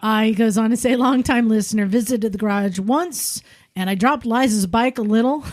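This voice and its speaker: A woman's voice: fairly high pitch, moderate pace, a little mellow. A woman hosting a podcast in a casual chat, reading listener emails aloud and laughing often. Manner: laughs often, chatty and loose. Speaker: podcast host.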